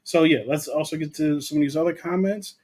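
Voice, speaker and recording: A man's voice: on the high side, brisk, a little mellow, husky. A young man co-hosting a casual livestream about movies, chatting loosely and reading viewer comments aloud. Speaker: co-host of a movie talk livestream.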